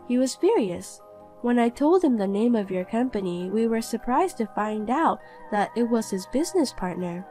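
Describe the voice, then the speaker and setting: Woman doing a calm young woman, cool and pointed, higher voice, animated story voice-over, faint music behind. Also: close to an everyday voice.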